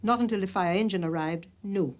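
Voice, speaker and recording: A woman's voice: mid-range voice, brisk, darkish tone, lightly acted. An actress playing a guarded woman neighbour who answers a detective's questions with short, curt replies. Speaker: neighbour of the victim. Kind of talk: TV police drama acting.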